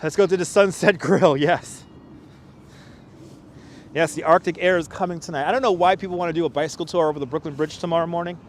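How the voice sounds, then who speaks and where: A man's voice: a little high, fairly even intonation, fast talker, a little hiss or hum. Chatty man livestreaming outdoors in the cold. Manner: chatty, laughing often, reading viewer comments aloud. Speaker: livestream host and tour guide. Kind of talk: casual walking livestream chat. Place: outdoors in a city park at sunset, cold. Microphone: wireless clip-on mic.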